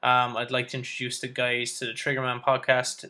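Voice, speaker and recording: A man's voice: mid-range voice, monotone, fairly quick, bright, forceful tone. A man hosting a casual podcast chat, talking in a loose, rambling and heavily profane way. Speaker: podcast host. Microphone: camera microphone. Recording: roomy, distant camera-mic audio.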